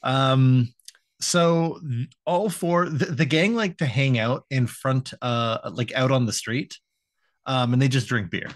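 Male co-host, unhurried recap delivery, dry close-mic sound, hesitant and easygoing. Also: mid-range voice, no room sound. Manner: hesitant, lots of uh and um, quick to laugh. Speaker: podcast co-host. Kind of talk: casual chat recapping a cartoon episode.

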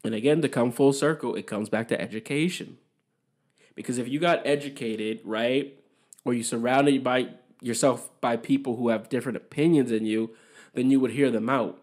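A young man rambles through a casual solo podcast monologue. His voice sits at a middle pitch, and he swears freely as he airs his opinions. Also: normal speed, a little mellow. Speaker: podcast host.

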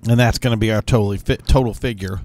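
A man's voice: fairly low pitch, steady tone, quick pace, a little mellow. A man giving casual, rambling commentary while playing a video game, thinking aloud with many fillers and restarts. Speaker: gaming YouTuber.

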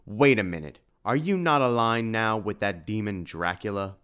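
A man voicing a big, gruff shopkeeper with a growling, bear-like voice and formal, old-fashioned speech, in an audiobook reading. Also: fairly low pitch, lively intonation, moderate pace, a bit bright.

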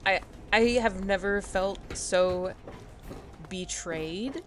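A woman's voice: mid-range voice, slow pace, over music. A young woman gamer giving emotional, ranting commentary while playing, upset and angry, talking back at the characters. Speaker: let's play gamer. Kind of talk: casual gameplay commentary.

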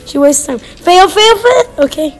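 A woman hosting a casual gameplay chat, excitable and jumpy, giggling and teasing her teammate. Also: very high-pitched, normal speed, soft background music, low-quality recording. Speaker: gaming channel host.

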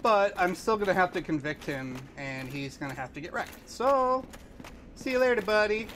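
A man giving excitable let's play commentary, laughing, swearing and yelling at the game. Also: sits high, moderate pace, slight background noise. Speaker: gamer playing online. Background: game music.

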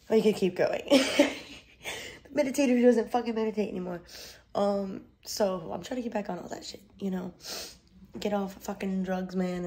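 Casual profane woman vlogger, tired and rambling, warm low-toned timbre. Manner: profane, rambling, laughs often. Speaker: beauty brand owner vlogging. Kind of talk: casual vlog monologue.

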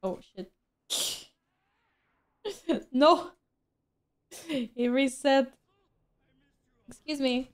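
A woman talks casually through a game stream, answering viewers and poking fun at herself. Her voice sits a little high, and she laughs easily between remarks. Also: drawn-out words, pauses often. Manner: chatty, self-mocking, laughs often. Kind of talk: casual gameplay stream chat.

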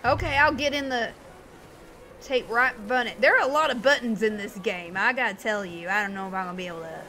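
A woman chatting excitedly to her viewers while she plays a video game live, talking back at the characters on screen. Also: a little high, fairly quick, soft background music. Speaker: game streamer. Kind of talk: live gameplay commentary.

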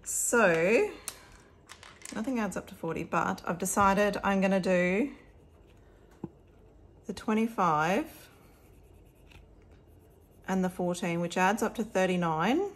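Australian woman host, casual home vlog, friendly chat over cash counting, mid pitch. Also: unhurried, long pauses. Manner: chatty and upbeat, talking to viewers while counting. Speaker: budget vlogger.

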